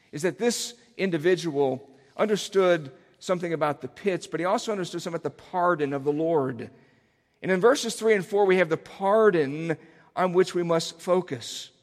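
A man's voice: on the high side, fairly bright tone, big-room sound. A man preaching a sermon as a pastor, speaking earnestly and rising to emphatic cries on key phrases.

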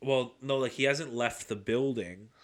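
A man's voice: medium pitch, unhurried. A man co-hosting a casual sports podcast, joking, swearing and laughing. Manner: jokey, swears, laughs loudly. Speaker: podcast co-host.

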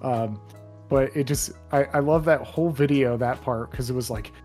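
A man's voice: medium pitch, moderate pace, darkish tone, faint music behind. Rambling young man recapping a game. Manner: rambling, many fillers and restarts. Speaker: podcast co-host. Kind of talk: casual chat.

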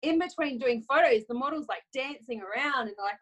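A young adult woman photographer talking casually, lively and often acting out quoted self-talk with laughs. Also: sits high, brisk, rough recording. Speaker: photographer guest. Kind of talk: casual conversational chat.

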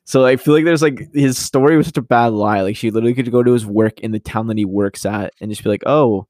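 A man's voice: medium pitch, quick pace, a little mellow, dry recording, clean studio sound. A young man in casual chat, rambling with many fillers and acting out characters' lines.

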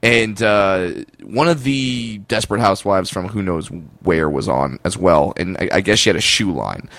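A man's voice: deep voice, normal speed, fairly bright tone, dry recording. A man co-hosting a podcast who tells a story and acts out the lines of the people in it. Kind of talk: casual podcast chat.

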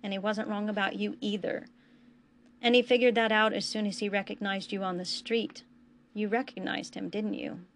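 Woman voicing a steady, reassuring young man. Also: mid-range voice, normal speed, a little hiss or hum, lightly acted. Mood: easygoing. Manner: gentle, reassuring, warmly earnest. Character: steady, kind young man comforting a friend.

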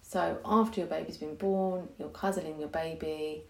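A woman's voice: low-pitched, steady tone, normal speed, gravelly. A young woman hosting a podcast, chatting frankly and casually, laughing often. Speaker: podcast host, hypnobirthing teacher. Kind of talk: casual chat.

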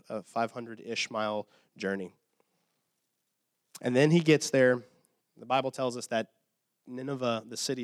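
In this sermon, a male pastor animatedly and casually recounts a story, peppering it with "okay?" checks while sounding slightly tired from short sleep. He has a medium-pitched voice, captured cleanly in a studio with no room sound.

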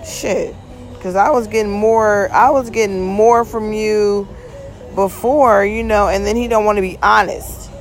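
A woman's voice: medium pitch, fairly even intonation, unhurried, faint music behind. A woman hosting her own podcast, talking in a blunt, profane, rambling monologue and yawning often. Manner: frequent yawning. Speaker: podcast host. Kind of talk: casual monologue.

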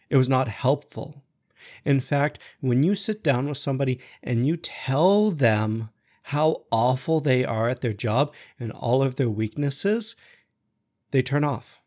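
Man, podcast host, blunt, swears freely, average pitch, lively monologue. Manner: blunt, profane, animated storytelling.

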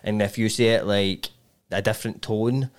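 A man's voice: on the low side, steady tone, normal speed, smooth. A man with a Scottish accent hosting a podcast, chatting casually, swearing and asking curious questions. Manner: swearing, frequent agreeing "aye", curious questions. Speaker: podcast host. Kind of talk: casual chat.

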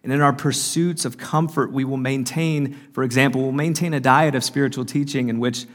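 A man gives an earnest talk at a church conference in a mid-range voice. He often pauses on fillers and restarts his phrases as he speaks. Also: medium pitch, fairly even intonation. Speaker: conference speaker and podcast host. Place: conference hall.

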